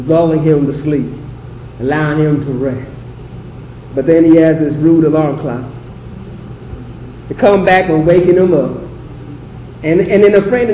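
Male pastor, high voice, emphatic sermon delivery, dull roomy church recording. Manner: emphatic preaching, asks the congregation questions. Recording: echoey hall audio with slight hiss.

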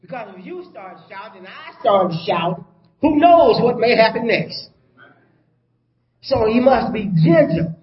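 A man preaching a sermon in a folksy call-and-response style, often asking the congregation "you follow me?" and sometimes dropping to a soft, calm tone. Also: very high voice. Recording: roomy, dull church recording.

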